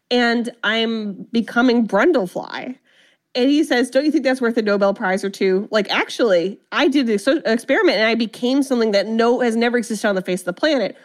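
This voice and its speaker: Chatty woman recapping a movie. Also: fairly high pitch. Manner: animated storytelling, acts out characters' lines. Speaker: podcast co-host. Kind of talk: casual movie recap chat.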